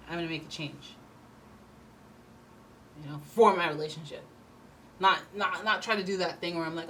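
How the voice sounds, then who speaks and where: Woman tarot reader, low-ish voice, chatty and blunt, acts out voices for laughs, faint hiss behind. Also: normal speed, long pauses. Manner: animated, slips into playful mock voices. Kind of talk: casual tarot reading to camera.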